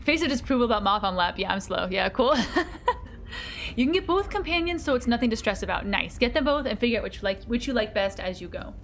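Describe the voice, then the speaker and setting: High, bubbly woman streamer. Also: animated, fast, slight background noise. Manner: bubbly, giggly, chatty. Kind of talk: casual live-stream chat while gaming.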